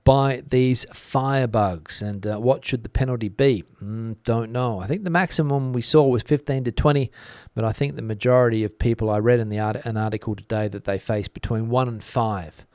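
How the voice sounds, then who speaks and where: A man hosting a news channel from Spain, reading out viewer comments and musing on them in a relaxed way with many fillers. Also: mid-range voice, moderate pace, dry recording, studio quality. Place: lives in Spain.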